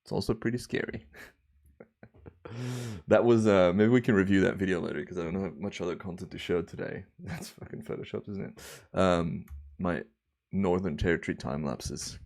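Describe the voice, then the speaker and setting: Male streamer, young, easygoing rambling chat, lowish voice. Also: moderate pace. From Australia. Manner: relaxed, rambling, chatty with viewers. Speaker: livestream host. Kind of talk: casual livestream chat.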